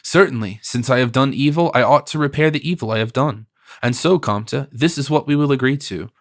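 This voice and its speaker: A man reading an audiobook, voicing a composed, gentle noble princess in a measured, lightly raised voice. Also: medium pitch, close to an everyday voice. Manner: gentle, measured, softly teasing.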